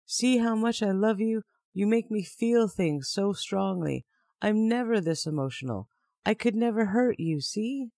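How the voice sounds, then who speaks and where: A man's voice: high-pitched, animated, a little slow, gravelly, darkish tone, no echo, clean studio sound, voice pushed up, exaggerated voice. A man reading the lines of a volatile young man who speaks in a curt, cutting way. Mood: pleading. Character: cold, volatile young man turning on his partner.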